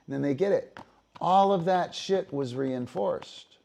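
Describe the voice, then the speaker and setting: A man's voice: a little high, measured pace, vocal fry, warm tone. A man hosting a dog-training livestream, explaining in a casual, profane way with lots of fillers and "right?" tag questions. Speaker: disc dog trainer and show host.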